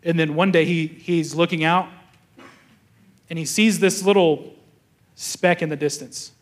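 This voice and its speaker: A man's voice: a little high, steady tone, unhurried. A young adult man, a pastor preaching a sermon, telling stories casually and acting out the thoughts of the people in them. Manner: storytelling, acts out quoted thoughts, restarts often.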